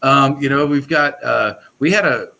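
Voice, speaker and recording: A man's voice: medium pitch, moderate pace, gravelly, bright, forceful tone, low-quality recording. A man talking as a guest on a casual podcast, rambling and enthusiastic with many restarts. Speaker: guest, pool products company owner.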